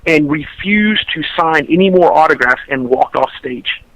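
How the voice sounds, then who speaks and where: A man's voice: a little high, animated, normal speed, a bit bright, poor audio. A man, a podcast co-host telling a long story in casual chat, rambling and restarting his sentences.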